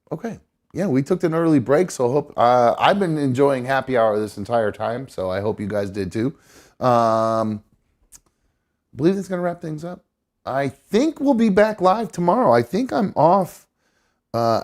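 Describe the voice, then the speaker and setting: A man hosting a live talk show, chatting casually in a loose, rambling way and swearing freely. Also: medium pitch. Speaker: podcast host. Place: studio.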